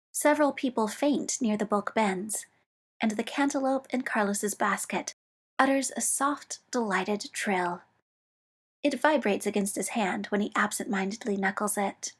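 A woman reading fiction aloud in a slow, soft, measured storytelling manner, dropping now and then into a whisper. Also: mid-range voice. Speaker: narrator.

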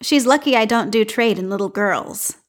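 A woman's voice: fairly high pitch, normal speed, close to an everyday voice. Woman reading as a cheerful stall guy, teasing and amused, storybook reading. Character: amused male market stall seller.

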